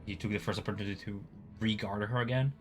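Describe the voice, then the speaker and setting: A man's voice: lowish voice, fast talker, music in the background. A man narrating a tabletop role-playing session as game master, describing scenes in a loose way with many fillers. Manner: relaxed, filler-heavy narration.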